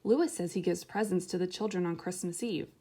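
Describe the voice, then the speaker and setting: A woman voicing Lamb, a small kind toy lamb who speaks softly and soothingly. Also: on the low side, fairly quick, slightly rough. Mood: reassuring.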